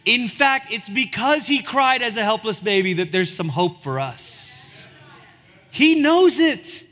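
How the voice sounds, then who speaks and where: A man in his forties preaches in a church sanctuary, his voice pitched high for a man. He speaks earnestly and builds to emphatic peaks. The sound carries a long hall reverb. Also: a bit bright. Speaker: pastor. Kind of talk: sermon.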